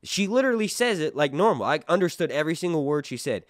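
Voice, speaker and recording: A man reviewing a show in loose, off-the-cuff commentary, his pitch swinging widely as he gets excited. He rambles with plenty of fillers and restarts. The sound is dry and close, with little room echo. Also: moderate pace, hardly any pauses. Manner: rambling, many fillers and restarts, animated bursts.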